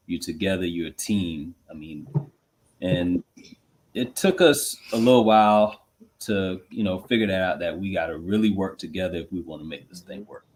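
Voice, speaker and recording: A man's voice: low voice, normal speed, a little mellow. A man who is a guest on a casual chat, sharing advice in an earnest, sincere way.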